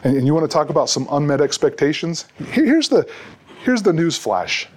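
A man's voice: fairly high pitch, very animated, fairly quick, darkish tone. A middle-aged man preaching a sermon as a pastor, earnest and often repeating words as he restarts.

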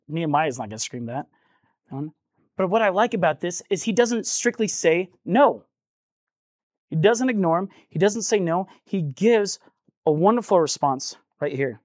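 A man's voice: fairly high pitch, no echo, clean studio sound. A man preaching a sermon in a conversational, earnest way, acting out the voices of people in the text as he goes.

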